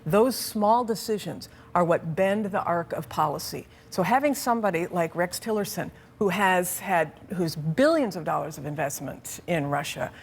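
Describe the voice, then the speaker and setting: A woman's voice: lowish voice, lively intonation, normal speed, hardly any pauses, a little hiss or hum. A woman commentator on a TV panel, building a pointed, emphatic argument. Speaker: political commentator. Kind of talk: panel debate.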